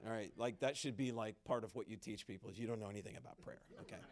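A man speaking at a conference in a conversational, animated sermon style, acting out quoted dialogue as he tells a story. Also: on the low side, quick pace. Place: conference hall stage.

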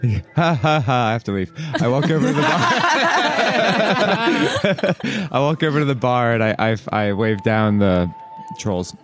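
A man's voice: mid-range voice, very animated, a little slow, noisy background. A man playing a tabletop game, trading blunt, sweary banter with the table. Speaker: player. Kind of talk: casual tabletop game play.

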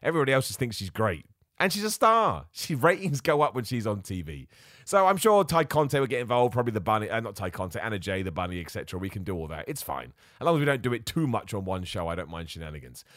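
A man's voice: on the low side, big pitch swings, quick pace, a bit bright, no echo, studio quality. A man hosting a solo podcast, talking in a casual, rambling, opinionated way and going off on asides. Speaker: podcast host. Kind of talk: casual solo wrestling chat.

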